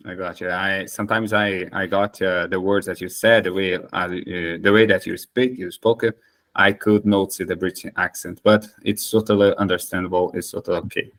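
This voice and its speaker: A man leading a casual English practice conversation, speaking haltingly with many fillers, Portuguese his first language. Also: sits low, steady tone, fairly bright tone. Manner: hesitant, many fillers and restarts. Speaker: conversation host.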